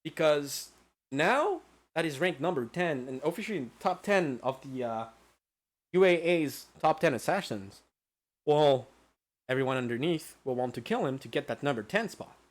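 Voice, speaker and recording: A man gives a mock lecture recapping a video game, swearing freely and joking as he goes. His voice sits a little high and swings widely in pitch. The delivery is crude and playful, with frequent laughter. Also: lively intonation, moderate pace. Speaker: host.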